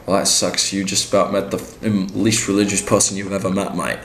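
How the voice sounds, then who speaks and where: A young man putting on a loud, blunt English man who keeps calling people mate. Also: low-pitched, level tone, fairly quick, reverberant, background noise. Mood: brash. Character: brash swearing English man, loud and tipsy.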